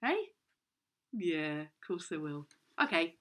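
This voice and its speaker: A woman's voice: medium pitch, animated, normal speed, fairly bright tone. A woman telling a silly, rambling story for children, with playful voices and lots of restarts. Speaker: children's show co-host. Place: home.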